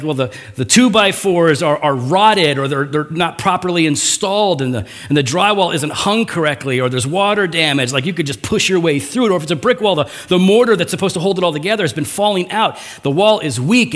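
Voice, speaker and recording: A man preaching a sermon with a somewhat high voice that swoops up and down a lot. He talks casually, tossing in slang and asides, and acts out the scripture quotes with rising energy. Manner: animated, acting out biblical quotes in raised voice. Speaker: pastor.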